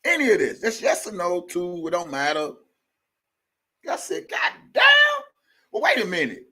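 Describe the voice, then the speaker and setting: High, animated man ranting on a livestream. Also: normal speed, slightly rough. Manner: profane, heated, talks straight to his viewers. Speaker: livestream host. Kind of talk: live commentary rant.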